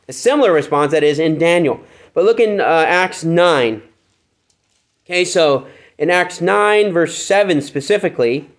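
A male pastor teaching a Bible study, reading passages aloud and asking rhetorical questions. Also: fairly high pitch. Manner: reads scripture aloud and asks rhetorical questions.

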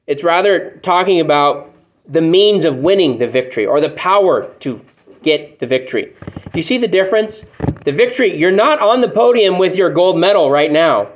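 A man preaching a sermon to a room of people, talking to them plainly and often asking them rhetorical questions. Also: fairly high pitch. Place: church room with congregation.

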